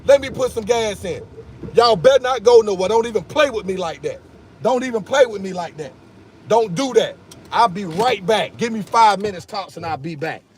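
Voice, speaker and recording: Excitable high-voiced man live-streaming. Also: normal speed, slight background noise. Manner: excitable, emphatic slang-heavy talk to chat. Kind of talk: casual live-stream rant. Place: in a car at a gas station.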